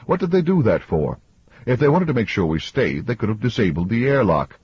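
A husky-voiced man reading an audiobook, voicing a puzzled, questioning male crewman. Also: medium pitch, sing-song, brisk, no echo, lo-fi sound, pitched above the performer's own voice. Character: Schutz, a puzzled male crew member.

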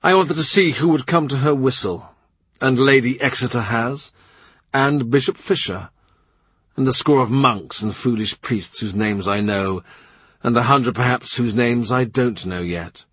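Field: audiobook. Figure: calm shrewd older statesman, as a male reader puts him on. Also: medium pitch, slightly rough, no echo. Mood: measured. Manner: quiet, measured, dryly amused.

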